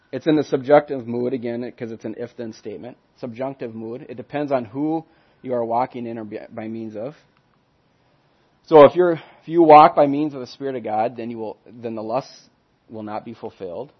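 A man teaching a Bible study lesson in an earnest, emphatic way, stressing key words loudly and letting phrases trail off softly. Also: medium pitch, normal speed, slightly rough. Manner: earnest, emphatic, swings from loud stresses to soft trailing ends. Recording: dull lo-fi recording.

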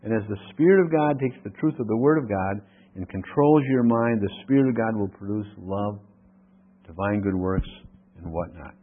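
A man's voice: fairly low pitch, moderate pace. A man preaching an expository Bible sermon. He reads scripture aloud, then explains it and asks the congregation questions. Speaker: pastor. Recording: tinny phone-like radio broadcast.

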